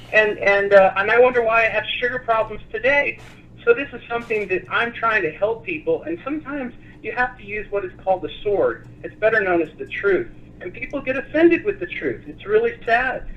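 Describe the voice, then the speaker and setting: A man appearing as a guest on a talk show, speaking in a passionate, animated way. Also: sits high, muffled recording. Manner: passionate, animated, lively storytelling.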